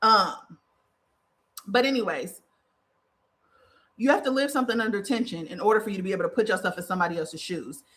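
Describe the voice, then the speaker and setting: A woman's voice: mid-range voice, brisk, pauses often, a bit bright, a little hiss or hum. A young woman hosting a talk show, giving spiritual advice in a blunt, profane, heated monologue that mocks the people she quotes. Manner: blunt, profane, emphatic with mocking quoted voices. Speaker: podcast host and spiritual advisor.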